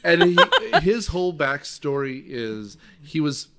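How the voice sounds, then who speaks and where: A man hosting a casual movie-review podcast, retelling the plot with lively, swearing energy. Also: a little high, slow. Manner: animated, swearing, acts out scenes. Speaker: podcast host.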